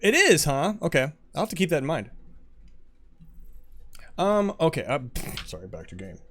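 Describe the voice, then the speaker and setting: A man chatting casually with viewers while streaming a game, answering chat as he plays. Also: moderate pace. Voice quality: lively, animated pitch.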